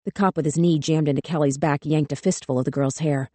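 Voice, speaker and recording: A woman narrating a thriller audiobook in a measured, grave tone on a close studio mic. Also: low-pitched, fairly even intonation, dark tone, dry recording. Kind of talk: scripted narration.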